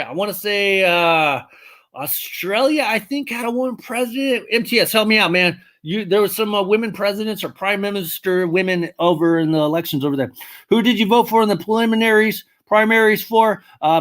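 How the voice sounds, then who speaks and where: A livestream host casually answering viewers' comments, blunt and swearing, rambling and correcting themself as they think aloud, rising sharply in pitch when worked up. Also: brisk, a bit bright.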